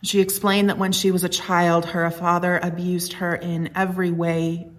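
A woman's voice: on the low side, little pitch movement, normal speed. A woman pastor giving a conversational sermon, earnest and reflective, telling stories with a touch of humor.

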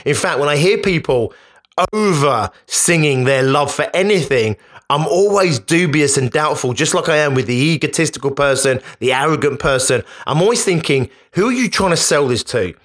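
Emphatic man with a slightly high voice. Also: expressive, moderate pace, fairly bright tone. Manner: emphatic, repetitive, conversational. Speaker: podcast host. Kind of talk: motivational monologue.

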